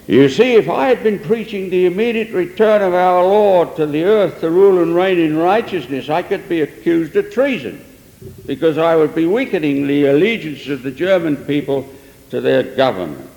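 A man's voice: a little high, lively intonation, normal speed, a little mellow. An older man preacher telling a story in an earnest sermon, with emphatic swells. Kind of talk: sermon testimony. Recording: long echo of a large hall.

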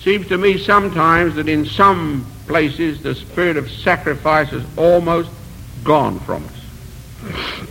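A man's voice: a little high, expressive, takes it slowly, vocal fry, a bit bright, a little hiss or hum, low-quality recording. A man preaching a sermon in an earnest, rhetorical manner, building emphasis through repeated phrases. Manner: self-deprecating asides.

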